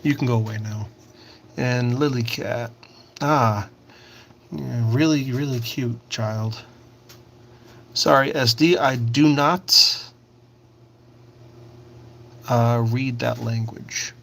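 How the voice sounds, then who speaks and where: A man's voice: medium pitch, slow, creaky, long pauses, fairly bright tone, a little hiss or hum. A man hosting a casual livestream, reading out and answering viewer comments while he works on a craft project. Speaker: livestream host.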